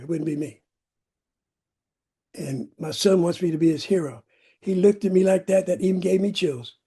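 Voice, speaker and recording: A man from California tells his recovery story to a meeting. His voice is husky and mellow, pitched a little high. He builds his telling dramatically, stacking up emphatic repeated words. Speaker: recovery speaker. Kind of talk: personal recovery testimony. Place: meeting room.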